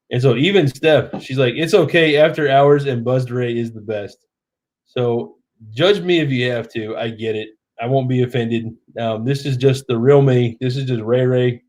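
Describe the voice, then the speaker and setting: A man's voice: mid-range voice, darkish tone. A man in his thirties, tipsy, hosting a live stream in chatty, rambling casual talk. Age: 30s.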